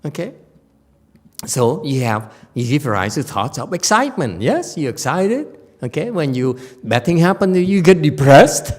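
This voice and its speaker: A man's voice: on the high side, very animated, moderate pace. A male Buddhist teacher giving a dharma lecture, blunt and teasing, often mimicking his students' complaining voices. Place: temple lecture hall.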